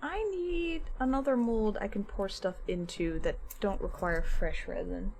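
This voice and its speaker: A woman's voice: mid-range voice, a little slow, darkish tone, a little hiss or hum. A woman chatting casually on a livestream while she works on crafts, rambling and laughing at herself. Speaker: streamer and craft artist.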